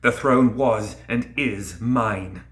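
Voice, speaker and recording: A man's voice: fairly low pitch, slow, a bit bright. Man voicing a taunting demon queen. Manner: taunting, hissing menace. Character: towering cruel winged demon queen, woman. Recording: roomy echo.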